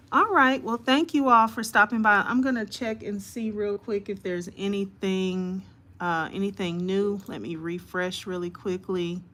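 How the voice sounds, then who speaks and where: A woman hosting a live stream reads news reports aloud in a halting way, full of fillers, and greets her viewers by name. Her voice sits in the mid range and is a bit bright.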